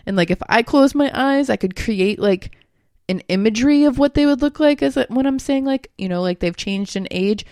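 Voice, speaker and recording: A woman's voice: on the high side, expressive, moderate pace, a little mellow, clean tone, no echo, clean studio sound. A young woman, a podcast co-host, talking candidly and casually, with lots of fillers. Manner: chatty, filler-heavy, candid. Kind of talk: casual spiritual chat.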